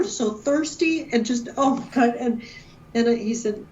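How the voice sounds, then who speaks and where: A middle-aged woman and guest researcher telling a story with emotion and excitement, often quoting herself. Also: on the high side, measured pace, lo-fi sound. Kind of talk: animated storytelling interview.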